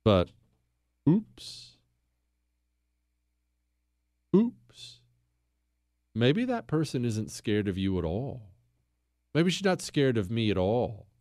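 A man's voice: fairly low pitch, very animated, measured pace, a little mellow, no room sound, studio quality. A male talk show host delivering a fiery, opinionated monologue, hammering his points and repeating phrases for punch.

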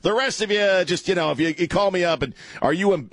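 A man's voice: sits high, brisk, dry recording. A male talk radio host ranting and mocking on a call-in show, laughing at his own jokes. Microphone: studio microphone.

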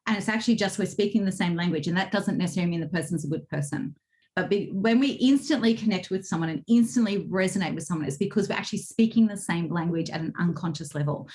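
A woman's voice: on the low side, quick pace, darkish tone. A woman coach telling stories animatedly in a casual interview, acting out quotes with bursts of laughter. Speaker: guest, communication coach.

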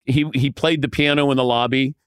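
A man guest telling lively stories from his broadcasting career, acting out the quotes. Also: medium pitch, brisk, smooth, no echo, studio quality. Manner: lively storyteller who acts out quotes. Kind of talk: animated anecdote telling.

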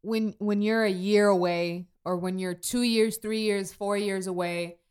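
A woman's voice: medium pitch, steady tone, unhurried, a little mellow, smooth. A woman hosting a casual chat, a supportive listener who chimes in with her own thoughts.

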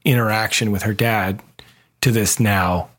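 Low husky guy, podcast cohost, quick reactions and dry jokes. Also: steady tone, a bit bright. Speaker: podcast co-host. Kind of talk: casual chat.

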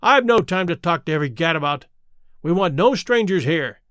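Brief: a man playing a fierce elderly trainer, loud and blustering, lively delivery. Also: on the high side, fairly quick, clear, resonant tone, no echo, studio quality. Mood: angry. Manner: blustering, angry. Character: fierce, bullying elderly male horse trainer.

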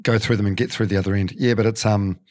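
A man's voice: fairly low pitch, fairly even intonation, quick pace. A middle-aged man, hosting a casual interview and talking frankly, with the odd swear word. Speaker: podcast host.

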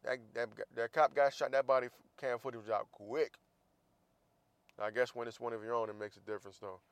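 A man rants in a blunt, profane opinion monologue. His voice sits at an ordinary middle pitch. The sound is close and dry, with no room around it. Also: fairly even intonation, brisk, clean tone, no echo. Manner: blunt, profane, heated ranting with sarcastic asides. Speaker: podcast host.

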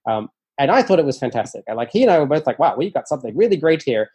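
Being interviewed about his nonfiction, a man spins quick, casual stories in a mellow, husky voice of medium pitch. Fillers and false starts pile up, and he keeps acting out what people said, lifting his voice for the quotes.

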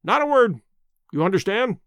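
A man's voice: sits high, very animated, moderate pace, a bit bright, clean tone, no echo, studio quality. A man playing a pompous spiteful old squire. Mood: excited. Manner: indignant, blustering, emphatic.

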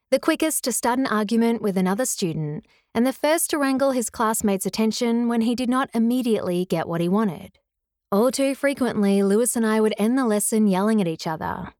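Woman reading her teaching memoir, calm and thoughtful, dead dry close mic. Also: mid-range voice, no room sound. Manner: measured, earnest, reflective. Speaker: memoir narrator, former teacher. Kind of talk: scripted first-person memoir narration.

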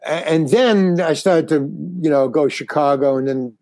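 A man's voice: on the high side, moderate pace, mellow, no room sound. An older man, a comedian, telling stories in a casual interview, rambling with restarts. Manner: rambling, restarts, acts out quoted dialogue. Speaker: comedian guest.

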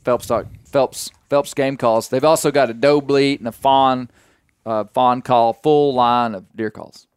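A man's voice: mid-range voice, fairly even intonation, a little slow, smooth, no echo. Southern man, podcast host, rambling folksy storyteller, dry close mic. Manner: folksy, rambling with fillers and restarts. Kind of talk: casual storytelling chat.

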